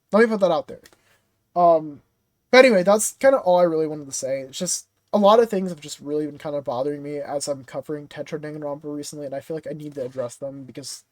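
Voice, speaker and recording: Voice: medium pitch, no echo. A streamer speaking casually and earnestly to viewers, rambling with many fillers. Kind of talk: casual talk to camera.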